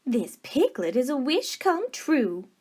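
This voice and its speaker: A woman's voice: high-pitched, big pitch swings, takes it slowly, darkish tone, husky, voice pushed up, exaggerated voice. A woman voicing a doting, affectionate older wife in a storybook, with a tender, cooing manner.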